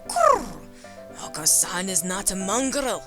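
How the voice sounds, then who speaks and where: A woman voicing an eccentric, excitable male dove who refers to himself in the third person and coos, over game music. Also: medium pitch, a little slow. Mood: furious. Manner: speaks of himself in third person, cooing "kurr".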